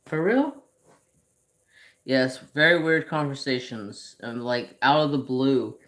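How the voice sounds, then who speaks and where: A man's voice: medium pitch, a bit bright. A man hosting a craft channel, telling rambling personal stories in casual chat while he paints at home. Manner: slow, rambling storytelling with restarts.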